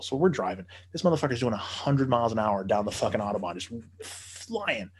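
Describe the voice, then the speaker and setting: A man's voice: medium pitch, fast talker, few pauses, husky. Profane, rambling male storyteller. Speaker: podcast co-host telling a story. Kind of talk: casual chat.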